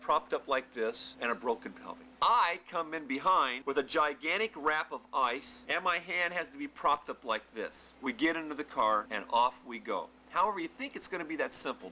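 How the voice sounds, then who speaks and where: A man telling a funny personal anecdote aloud, animated and vivid, acting out what people said. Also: fairly high pitch, a little hiss or hum. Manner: animated, acts out quotes and shouts. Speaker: storyteller.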